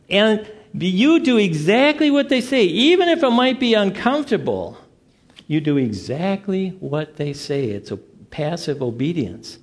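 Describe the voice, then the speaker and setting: Animated preacher man telling stories. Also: fairly high pitch, moderate pace. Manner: animated storytelling, acts out dialogue. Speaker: pastor. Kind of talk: sermon.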